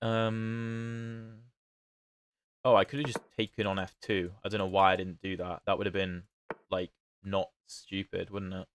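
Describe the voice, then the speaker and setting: A low, level, slightly slow male voice, smooth and free of room sound. The speaker, a British-accented chess streamer whose accent isn't fully standard, comments casually on his games and chats with viewers as he plays.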